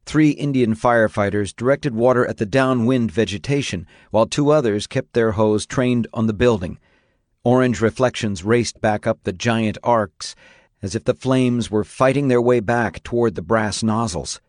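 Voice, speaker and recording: A man reading an audiobook aloud in a steady, measured narrating style. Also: mid-range voice, no echo, studio quality. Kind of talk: scripted narration.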